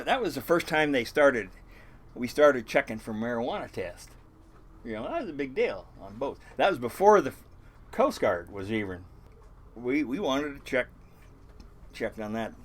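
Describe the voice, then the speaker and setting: A man's voice: mid-range voice, big pitch swings, unhurried, long pauses. An older man, a fishing boat captain, telling rambling stories in a casual interview, swearing freely and chuckling through many restarts.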